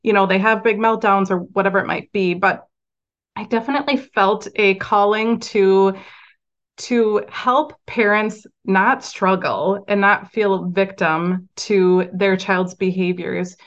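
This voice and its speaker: A woman's voice: mid-range voice, fairly even intonation, a little slow. Chatty woman guest, muffled sound. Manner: chatty, filler-heavy, reflective. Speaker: mindset coach for parents. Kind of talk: casual interview conversation.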